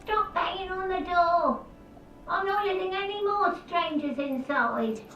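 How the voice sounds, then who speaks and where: An actress voicing a gruff elderly woman who bluntly refuses to let strangers in. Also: very high-pitched, measured pace, reverberant, far from the mic, muffled recording, soft background music. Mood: scolding. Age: older. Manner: blunt, scolding, dismissive.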